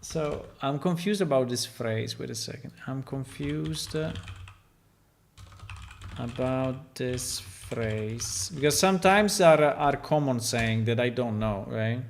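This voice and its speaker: A man who is not a native English speaker, a game developer thinking aloud while he works, halting and full of fillers. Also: mid-range voice, vocal fry. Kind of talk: casual livestream while working on a game.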